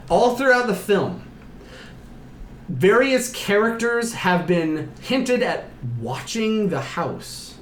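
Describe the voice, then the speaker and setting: A man's voice: high-pitched, sing-song, drawn-out words, pauses often, reverberant, a little hiss or hum. A man hosting a podcast, casually recapping a movie in a rambling, profane way. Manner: rambling, profane, acts out characters' lines. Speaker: podcast host. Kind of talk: casual chat recapping a film.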